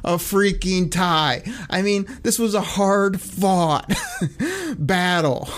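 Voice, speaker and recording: A man's voice: high-pitched, expressive, slow. A man co-hosting a casual football talk show, ranting with sarcasm and frequent laughter. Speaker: sports podcast co-host. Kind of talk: casual sports talk rant.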